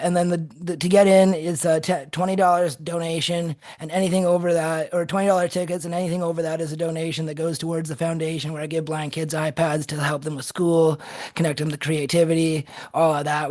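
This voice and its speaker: A man guesting on a podcast, telling stories in an energetic, animated way and laughing often. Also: fairly high pitch, brisk. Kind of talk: casual storytelling chat.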